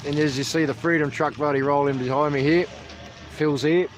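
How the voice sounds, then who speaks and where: A man's voice: fairly high pitch, fairly even intonation, a little fast. An Australian man hosting a casual outdoor livestream on a handheld mic, chatty and joking, calling everyone mate. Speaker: livestream host. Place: outdoors at a protest camp. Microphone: handheld microphone. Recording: noisy outdoor stream.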